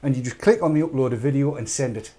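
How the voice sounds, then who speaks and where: A man's voice: medium pitch, quick pace, mellow. A British man hosting a live online chat show, rambling and urging viewers on with jokey asides. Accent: British English.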